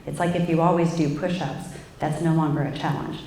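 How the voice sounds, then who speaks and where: Middle-aged woman, candid stage speaker with a deep voice, roomy theatre echo. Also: steady tone, brisk, warm tone, slight background noise. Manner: candid, self-reflective, loose with fillers. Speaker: guest speaker. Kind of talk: candid personal talk to a live audience.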